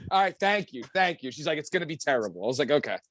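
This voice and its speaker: Animated man telling crude stories. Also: on the high side, very fast, no room sound. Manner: crude, animated storytelling with loud outbursts. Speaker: podcast host. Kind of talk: casual chat.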